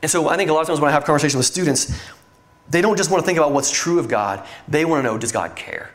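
A man's voice: fairly high pitch, quick pace. A middle-aged man preaching a sermon in an earnest, conversational way, with frequent fillers and restarts. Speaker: pastor.

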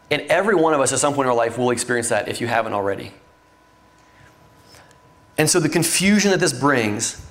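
Middle-aged guy preaching, earnest and chatty, lots of ums, mid pitch voice. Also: a bit bright. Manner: earnest, conversational preaching with fillers. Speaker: pastor. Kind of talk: sermon.

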